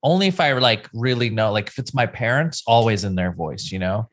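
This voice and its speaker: A man talking casually as a podcast co-host. He keeps an easygoing tone with mock-serious asides. His voice sits at a middle pitch. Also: animated, brisk. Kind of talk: casual chat.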